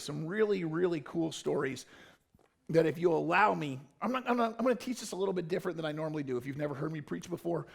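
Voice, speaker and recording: Gravelly-voiced pastor preaching casually. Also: male voice, fairly high pitch. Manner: informal, joking, rambling asides. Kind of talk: casual conversational sermon. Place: church.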